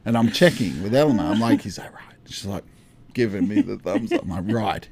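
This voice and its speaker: Telling a story in relaxed conversation, a podcast co-host in his thirties brings it to life, acting out the dialogue and laughing as he goes. His voice is fairly low and his pace fairly quick.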